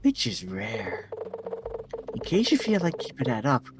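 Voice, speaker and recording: A man voicing a shady male junkyard dealer in a slow, smug mob-boss drawl, reading game dialogue over noisy audio. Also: medium pitch, wildly swooping pitch.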